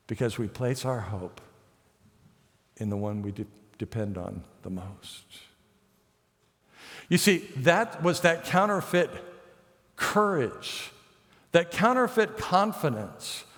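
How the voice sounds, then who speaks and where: A man preaching a sermon as pastor, telling the story lively and acting out the characters' lines with light self-mocking humor. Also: high-pitched, long reverb tail. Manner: storytelling, acts out the characters' quotes. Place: church sanctuary.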